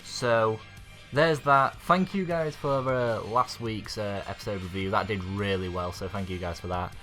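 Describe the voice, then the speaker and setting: A man's voice: on the low side, moderate pace, bright, forceful tone, soft background music. A man recapping an anime episode in a casual, rambling way, full of fillers and little laughs. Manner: rambling, filler-heavy, chuckles often. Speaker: YouTube anime reviewer.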